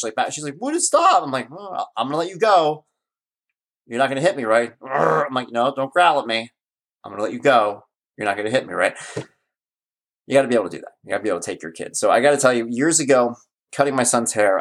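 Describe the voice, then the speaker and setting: A man's voice: lowish voice, fairly bright tone. A man in his forties, a parenting blogger, telling a story in a casual, wry and emphatic way, often repeating himself for emphasis. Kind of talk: casual vlog monologue.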